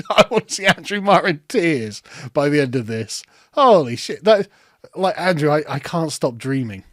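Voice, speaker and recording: A man's voice: fairly high pitch, very animated, normal speed, fairly bright tone, no echo, clean studio sound. A man hosting reaction commentary, ranting with sarcastic, profane mockery. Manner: sarcastic, profane, mocking, breaks into laughter. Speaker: commentary host.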